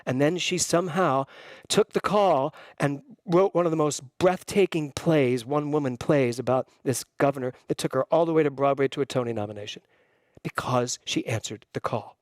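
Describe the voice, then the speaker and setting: A man preaching a sermon with real fervor, his fairly high voice leaping upward and then slowing to hammer home each point. The sound is close and dry, with no room echo around him. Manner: emphatic, animated preaching with sudden rises in pitch and slowed, stressed phrases. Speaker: minister.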